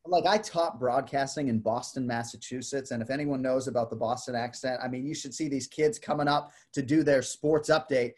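A man in relaxed conversation, a combat sports broadcaster who talks in a lively way and acts out how names are pronounced. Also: mid-range voice, a little fast, hardly any pauses. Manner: animated, demonstrates name pronunciations. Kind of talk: casual chat.

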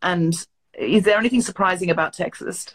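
A woman's voice: on the low side, fairly quick. A woman with an accent between British and Australian, hosting a casual interview over a video call, chatty and teasing. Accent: mix of British and Australian. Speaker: podcast host.

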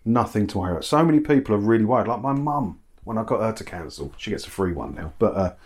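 Middle-aged man, low voice, casual chat, self-mocking, laughs often. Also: animated, fast talker, darkish tone. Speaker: YouTube channel host. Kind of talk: casual chat reading viewer comments. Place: kitchen at home.

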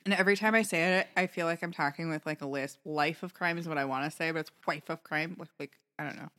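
A woman's voice: low voice, quick pace, fairly bright tone. A woman with a Midwestern American accent, co-hosting a podcast in chatty, teasing casual talk with loose swearing. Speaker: podcast co-host. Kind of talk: casual chat.

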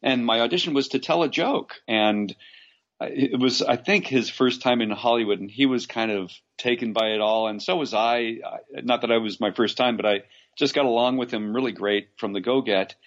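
A man's voice: mid-range voice, normal speed. Rambling man telling showbiz stories, lo-fi. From Los Angeles. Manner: rambling, frequent restarts and animated asides. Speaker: actor guest. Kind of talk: casual interview anecdotes.

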